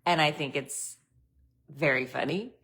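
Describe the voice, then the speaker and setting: A woman's voice: deep voice, unhurried, fairly bright tone, slightly rough. A woman host telling a story in a casual, chatty way, laughing often.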